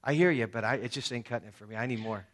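A man's voice: medium pitch, very fast, lightly acted. A man voicing a skeptical male disciple in a sermon retelling, insistent and slangy in his own everyday voice. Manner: casual slangy paraphrase, insistent.

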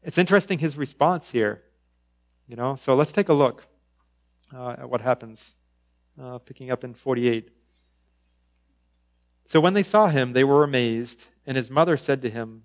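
A man's voice: fairly high pitch, moderate pace, long pauses, low-quality recording. A male preacher teaching a conversational sermon, with frequent fillers and informal asides.

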